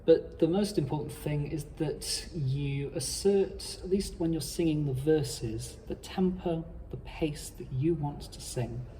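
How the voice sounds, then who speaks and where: A man explaining how to cantor psalms in a measured, formal instructional talk. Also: on the high side, warm tone, in a large hall, a little hiss or hum. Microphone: playing his own accompaniment.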